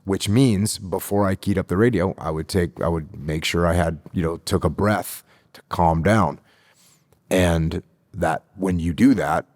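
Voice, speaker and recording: A middle-aged man from the United States talks as a podcast guest, steady and measured, and drives his points home by repeating them. His voice sits very low, and the sound is close and dry, with no room around it. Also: dry recording. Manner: emphatic, repeats key phrases for stress. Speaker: guest, retired military officer. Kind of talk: podcast interview.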